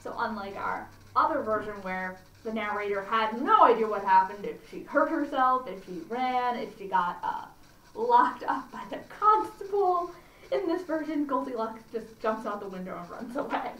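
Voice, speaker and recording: A woman at a library reading a fairy tale aloud to children, pausing to comment and ask them questions. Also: fairly high pitch, lively intonation, a bit bright. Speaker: library storyteller. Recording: roomy, distant mic, faint ambience.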